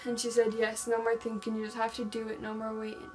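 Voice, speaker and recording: Young woman vlogging a crime story, monotone, reading texts out, faint music behind. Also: fairly high pitch, fairly quick, few pauses, rough recording. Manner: reads text messages aloud in a flat storytelling way, with many "like" fillers. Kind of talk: casual true-crime retelling.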